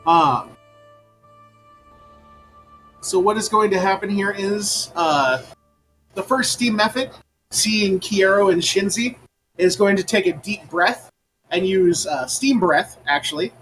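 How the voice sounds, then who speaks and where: A man narrating as game master of a tabletop game, pausing often with ums and uhs. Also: high-pitched, a bit bright, soft background music, low-quality recording. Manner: halting, with many ums and uhs.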